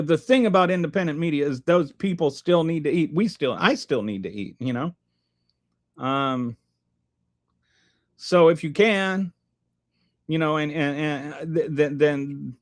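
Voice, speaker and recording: A man with a high, light voice hosts a political livestream and answers his chat. His talk is sarcastic and loose, full of restarts and false starts. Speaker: livestream host reading chat.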